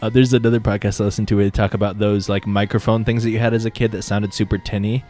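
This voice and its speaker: A man's voice: fairly low pitch, flat delivery, quick pace, darkish tone. A young man co-hosting a casual podcast, goofy and playful, with faint music behind him. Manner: goofy, playful, bursts into put-on voices. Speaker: podcast co-host.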